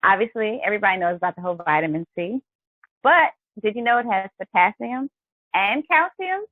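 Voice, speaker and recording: A woman's voice: mid-range voice, expressive, a little fast, fairly bright tone, dry recording, low-quality recording. A woman hosting a live health and wellness show, chatty and encouraging as she talks to her viewers. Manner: chatty and encouraging, often addresses viewers as guys. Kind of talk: upbeat live-stream talk.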